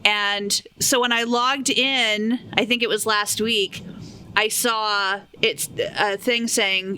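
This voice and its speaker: A woman's voice: medium pitch, fairly even intonation, slow pace, pushed and bright, a little hiss or hum. A woman co-hosting a podcast, telling stories in casual chat and laughing easily. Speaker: podcast co-host.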